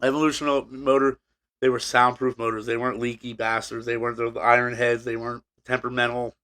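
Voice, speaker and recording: Fast, pushed, and bright, this medium-pitched male voice has a flat delivery. He's co-hosting a casual podcast, telling a long, rambling story full of restarts and fillers.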